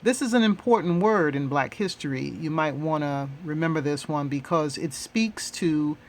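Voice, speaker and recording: A man hosting and teaching a language lesson, repeating each word three times in a deliberate way. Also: on the high side. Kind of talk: slow, repetitive language lesson.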